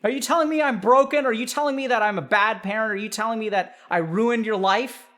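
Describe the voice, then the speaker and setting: A man voicing a whiny, manipulative mother who guilt-trips her child with a shrill, wailing voice. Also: fairly quick, fairly bright tone. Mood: pleading.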